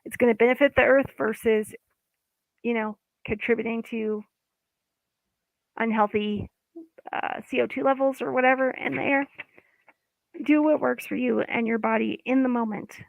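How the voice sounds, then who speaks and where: A woman's voice: on the high side, steady tone, moderate pace, gravelly, long pauses, no room sound. A woman giving a casual, guided self-help talk as an EFT coach, informal and chatty, sometimes losing her words. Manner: chatty, informal, loses words mid-sentence. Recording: dry, phone-like line.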